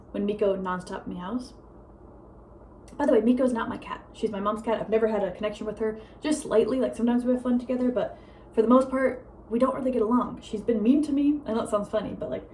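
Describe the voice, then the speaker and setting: Fast-talking young woman rambling at home. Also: on the high side, mellow, a little hiss or hum, rough recording. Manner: fast talker, rambling with many fillers. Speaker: vlogger. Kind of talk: casual rambling vlog. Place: home with a meowing cat.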